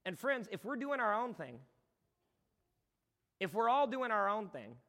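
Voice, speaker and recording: High, bright impassioned preacher man. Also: sing-song, a little slow. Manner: impassioned, conversational preaching with sudden shouts. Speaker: pastor. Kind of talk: sermon. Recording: long hall reverb.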